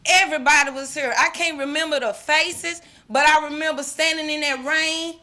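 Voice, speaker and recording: This middle-aged woman has a high voice with a steady, bright, forceful tone and speaks at normal speed. Her emotional testimony as a mother at an awards ceremony is fervent and religious in phrasing, and she repeats herself and restarts often.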